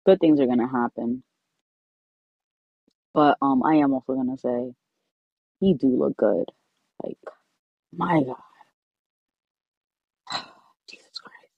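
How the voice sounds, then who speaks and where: Brash, husky-voiced woman podcast co-host. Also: extremely low pitch, takes it slowly, long pauses, no room sound, highs cut off. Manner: brash, profane and excitable. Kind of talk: casual chat.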